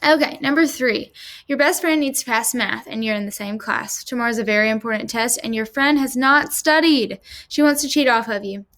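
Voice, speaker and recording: A woman's voice: fairly high pitch, normal speed, fairly bright tone. Young woman talking through class scenarios. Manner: talks through examples with fillers, reading scenarios aloud. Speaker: student presenting a class assignment. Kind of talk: casual spoken classroom assignment.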